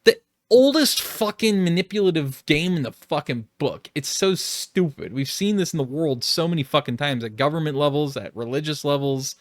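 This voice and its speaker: A man's voice: a little high, animated, normal speed, dry recording, clean studio sound. A man who makes online videos, talking through an unscripted, rambling reflection with frequent swearing and exasperated outbursts. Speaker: YouTube creator.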